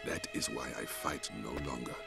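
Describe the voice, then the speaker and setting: An actor playing a weary older male sage in a game cutscene, solemn and formal, with a deep gravelly voice and game music behind. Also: steady tone, moderate pace, exaggerated voice. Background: game score.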